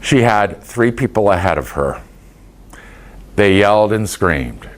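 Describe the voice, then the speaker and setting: Lively, folksy man speaking to caregivers. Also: lowish voice, a little slow. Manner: folksy anecdotal storytelling. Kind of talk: motivational talk to an audience.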